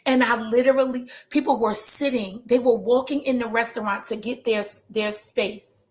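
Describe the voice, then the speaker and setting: A woman with a somewhat high voice tells her business story in a loose, animated way. She talks straight to her audience like friends, mixing motivation with casual chat. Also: moderate pace. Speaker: trichologist and hair business coach. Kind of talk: motivational casual talk to viewers.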